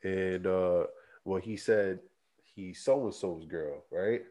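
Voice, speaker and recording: A man co-hosting a podcast, telling a story in a laid-back, even way during casual chat. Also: low voice, takes it slowly. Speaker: podcast co-host.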